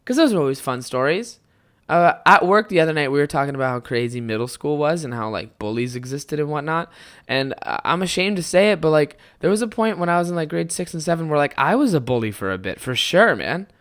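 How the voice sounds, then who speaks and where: A young man in his twenties hosting a podcast, telling stories in a rambling, casual way, swearing often and bursting into loud animated moments. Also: on the high side, fairly quick. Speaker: podcast host. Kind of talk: casual solo podcast storytelling.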